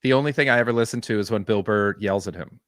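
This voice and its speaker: A man's voice: on the low side, fast talker, a bit bright, no echo, clean studio sound. Blunt teasing man on a comedy podcast. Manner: blunt, teasing, laughs often. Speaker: podcast co-host. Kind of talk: casual comedy chat.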